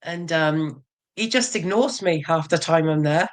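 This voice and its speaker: A woman's voice: low-pitched, a little slow. A woman in her forties, a bodybuilder guest in a casual interview, frank and self-mocking, laughing often.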